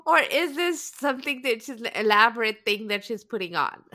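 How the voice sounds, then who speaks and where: A woman co-hosting a casual reality TV recap podcast, chatty and agreeable, often trailing off quietly at the ends of her thoughts. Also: a little high, animated, moderate pace. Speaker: podcast co-host.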